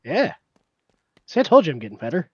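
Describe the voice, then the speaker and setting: A man's voice: fairly high pitch, wildly swooping pitch, brisk, slightly rough, no echo. A man from Illinois teasing and joking through a casual gaming chat, on a dull lo-fi mic. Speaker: co-host gamer.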